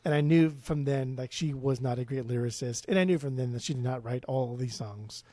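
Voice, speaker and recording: Blunt, sweary man with a dark tone. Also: mid-range voice, brisk, no echo. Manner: blunt, swears freely, stammering restarts. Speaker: podcast co-host. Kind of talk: casual music podcast chat.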